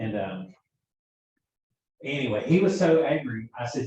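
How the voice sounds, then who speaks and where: A man's voice: medium pitch, very animated, moderate pace, long pauses, a little mellow, slight background noise. A man teaching a class for emergency medical technicians, telling work stories and acting out the dialogue. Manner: chatty storyteller, acts out quoted dialogue. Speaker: EMT instructor. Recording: echoey room, far from mic, dull sound.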